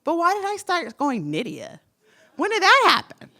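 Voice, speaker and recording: A woman in her forties telling a personal story on stage, lively, acting out the voices she quotes. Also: very high-pitched, moderate pace. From United States. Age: 40s. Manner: animated, acts out quoted voices.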